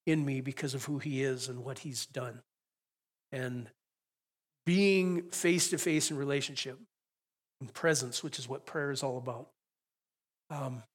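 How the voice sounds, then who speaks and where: A man's voice: a little high, a bit bright. An older man delivers a sermon in a slightly raised voice. He speaks earnestly and reflectively, stretching out key words for emphasis. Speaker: pastor.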